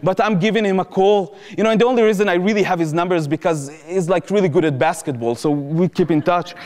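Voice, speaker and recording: Animated Israeli man telling a story. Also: high-pitched, quick pace. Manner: animated, acts out quoted speech, non-native phrasing. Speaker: former soldier giving testimony. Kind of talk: personal storytelling to an audience. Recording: reverberant hall, live talk.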